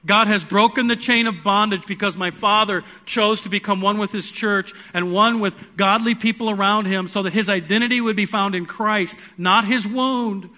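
Bright, high-voiced man preaching earnestly. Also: steady tone, normal speed, few pauses. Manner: earnest storytelling, swings from loud pleading to hushed. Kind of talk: sermon. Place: church.

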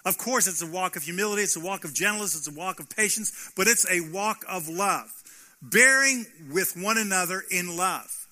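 Bright, high-voiced preaching pastor. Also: male voice, lively intonation, moderate pace. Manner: preaching with rhetorical questions and emphatic repetition. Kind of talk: sermon.

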